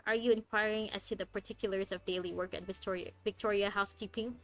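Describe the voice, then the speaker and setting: Girl reading a stiff polite butler guy, measured and formal, kinda soft. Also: medium pitch, steady tone, lightly acted, poor audio. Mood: courteous. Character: courteous formal male butler.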